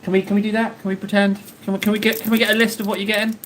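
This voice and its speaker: A man's voice: high voice, flat delivery, rapid-fire, fairly bright tone, a little hiss or hum. A man hosting a live stream, chatting casually and rambling jokily straight to his viewers from his hobby desk at home. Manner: rambling, jokey, chatty, talks to chat directly. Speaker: livestream host.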